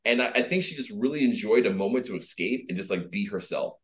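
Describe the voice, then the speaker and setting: A man's voice: lowish voice, quick pace. A man, a dating coach on a podcast, telling a story casually with lots of fillers and acted-out voices. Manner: animated, filler-heavy, acts out voices. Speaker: dating and personal development coach, guest.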